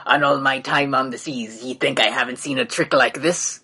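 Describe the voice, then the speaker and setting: A man voicing a boastful, fearless male pirate captain in a tabletop game, in slow, old-time pirate speech. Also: medium pitch, fairly even intonation, sharp tone, breathy edge. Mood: scornful. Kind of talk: tabletop game role-play.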